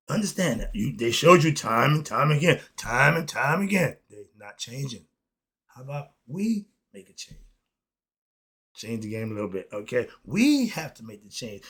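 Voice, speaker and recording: A man's voice: fairly high pitch, creaky, a bit bright, breathy edge. A middle-aged man delivering an emphatic, preachy spoken rant as the host, often asking "okay?". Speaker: commentary host.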